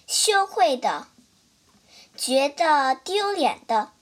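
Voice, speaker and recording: High-voiced slow storybook narrator. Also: sing-song, fairly bright tone. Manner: clear, careful, spelling words out. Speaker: storyteller and English teacher.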